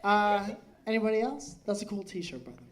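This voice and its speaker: A man's voice: sits high, big pitch swings, fairly quick. A man doing stand-up crowd work, brash and profane as he jokes with the audience on a club stage. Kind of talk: live crowd-work banter. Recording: live club recording with loud crowd. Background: crowd laughter.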